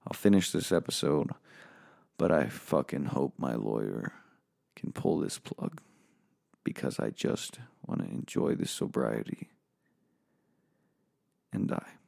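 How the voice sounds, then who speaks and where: A man's voice: a bass voice, expressive, slow, gravelly, pauses often, darkish tone, dry recording, clean studio sound. A man giving a profane comedic rant, weary and bitter, flaring into angry outbursts.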